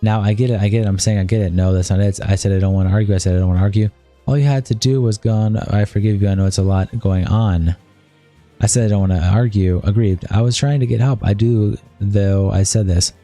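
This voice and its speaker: A man streaming live, reading a long chat argument aloud in a rapid, flat read-through. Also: fairly low pitch, faint music behind.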